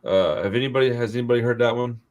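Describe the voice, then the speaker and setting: Male podcast host, fast, loose and animated, voices the people in his stories. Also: medium pitch, muffled recording. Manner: animated storyteller, acts out quotes, swears freely. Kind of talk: casual chat.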